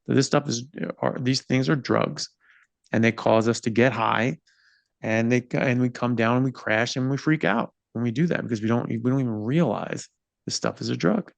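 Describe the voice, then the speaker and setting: A man's voice: mid-range voice, normal speed, vocal fry, no room sound. A man hosting a podcast interview and explaining his points earnestly and with emphasis over a video call. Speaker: podcast host. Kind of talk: conversational interview.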